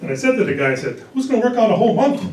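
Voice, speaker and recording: A high-voiced older man in his sixties works through a stand-up set and lands dry one-liners deadpan. He sounds distant and roomy, as if picked up from across a club. Audience laughter comes through clearly behind him. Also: very fast, a little hiss or hum. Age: 60s. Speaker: stand-up comedian. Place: comedy club stage. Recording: echoey club recorded from a distance.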